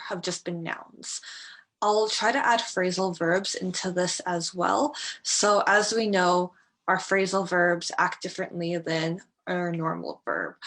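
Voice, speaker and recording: A woman's voice: on the low side, a bit bright. A young Canadian woman with a Canadian accent, tutoring English in a friendly, chatty, encouraging way. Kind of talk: one-on-one online lesson.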